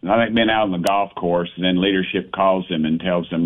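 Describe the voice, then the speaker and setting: Man, very low voice, folksy, blunt, tinny phone line. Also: flat delivery, brisk, hardly any pauses. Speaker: congressman, radio guest. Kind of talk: phone-in radio interview.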